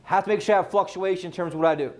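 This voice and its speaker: A man leads a live sales training session and keeps firing questions at his audience. His voice sits high for a man, and he delivers with driving, energetic emphasis. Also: very fast.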